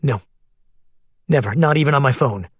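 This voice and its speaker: An anxious man on the run speaks low and hushed, voiced by a male narrator. His voice is husky and tense. The recording is dry and close. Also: moderate pace, no echo, natural voice.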